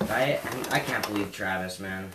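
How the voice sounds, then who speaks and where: A man's voice: lowish voice, normal speed. A young man swearing constantly as he tells a crude story among friends, laughing often. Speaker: podcast co-host. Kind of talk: crude casual chat. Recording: roomy echo, off-mic, faint noise.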